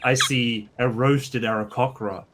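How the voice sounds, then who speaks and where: A man playing a tabletop game, giving slow, earnest speeches in character. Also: mid-range voice, fairly even intonation, background noise. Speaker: player.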